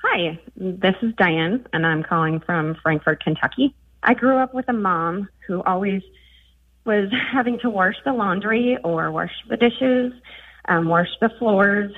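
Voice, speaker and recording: A woman's voice: medium pitch, unhurried, no room sound. A woman from northern Minnesota calling in to a radio show and chatting through a story. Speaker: caller. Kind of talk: phone-in call. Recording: tinny phone line.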